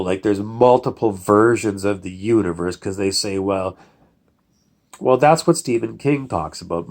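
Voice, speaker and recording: A man's voice: low voice, creaky, darkish tone. A man, a producer, talking in a casual, digressive monologue full of fillers and lost threads. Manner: digressive, loses his train of thought, many fillers.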